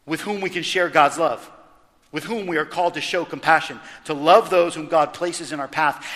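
A man preaching a sermon as pastor, animated and emphatic, throwing rhetorical questions at his congregation. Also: on the high side, in a large hall.

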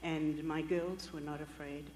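Older woman, missionary testimony preacher, lively storyteller who acts out quoted voices, long hall reverb. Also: low voice, unhurried, a little hiss or hum. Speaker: missionary speaker.

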